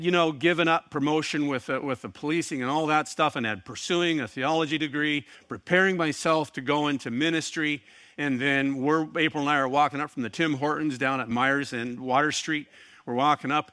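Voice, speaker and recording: A man's voice: fairly high pitch, animated, normal speed, bright, forceful tone, no room sound. A middle-aged man preaching a sermon, telling a personal story with earnest, wry asides. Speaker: pastor.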